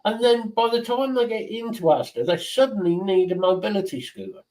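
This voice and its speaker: A man's voice: sits high, a little fast, poor audio. A man who hosts a casual stream chat and tells blunt, swearing stories. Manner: swearing, blunt, animated storyteller. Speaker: stream host.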